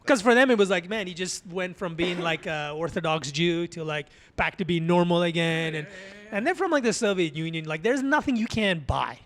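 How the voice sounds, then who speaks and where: A man, a podcast guest from Azerbaijan, telling wild stories in casual chat, animated and profane. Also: sits high, moderate pace. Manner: animated, profane, laughing storyteller. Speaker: podcast guest, tattoo artist. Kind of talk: casual storytelling.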